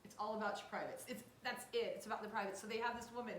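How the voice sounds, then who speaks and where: A woman co-hosting a podcast, chatting and gossiping in a giggly, animated way and acting out what other people said. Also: mid-range voice, rapid-fire, reverberant, a little hiss or hum. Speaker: podcast co-host. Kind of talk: casual gossip chat.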